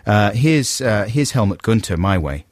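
A man's voice: lowish voice, very animated, moderate pace, no echo. A man hosting a radio show, chatting in a playful, teasing way in a studio. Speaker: radio host. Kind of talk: casual radio banter. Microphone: studio mic.

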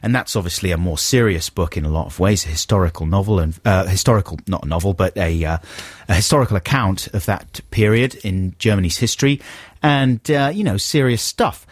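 A man's voice: deep voice, brisk, dry recording, clean studio sound. A man chatting casually as podcast co-host, speaking with enthusiasm and starting many phrases over. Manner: chatty, enthusiastic, with frequent restarts. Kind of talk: casual chat.

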